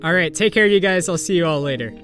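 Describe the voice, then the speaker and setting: A young man with a fairly high voice spins a story in a casual, animated way, swearing freely and acting out what everyone said. Faint music runs underneath him. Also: quick pace. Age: young adult. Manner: animated, swearing, acts out quotes. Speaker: YouTuber.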